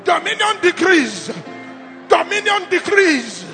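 In a large church hall, a man with an extremely high, gravelly voice preaches a fervent charismatic sermon at a moderate pace. He leads the crowd in repeated decrees and repeat-after-me calls, often shouting. The hall echoes, with faint music behind him.

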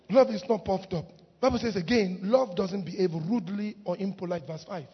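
A woman preaching a lively sermon in church, laughing often and breaking into shouts. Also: medium pitch, normal speed, long pauses, slightly rough. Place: church hall. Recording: muffled recording in a reverberant hall.

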